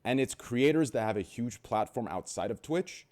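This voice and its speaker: A man's voice: mid-range voice, normal speed. A young man hosting a casual group podcast, brash and swearing, telling stories. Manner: brash, swearing, animated storytelling. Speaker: podcast host.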